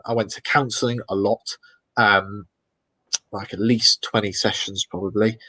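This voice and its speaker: A man, the guest in an interview, telling lively anecdotes in a casual way and acting out the voices of people he quotes. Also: fairly low pitch, no echo, rough recording. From Britain. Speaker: expedition guest.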